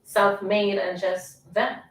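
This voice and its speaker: A woman's voice: mid-range voice, little pitch movement, takes it slowly, distant mic, slight background noise. A woman from Trinidad, hosting a radio talk show and giving an emphatic, preachy motivational talk. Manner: emphatic, preachy, keeps asking "you understand?". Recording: roomy sound from off the mic.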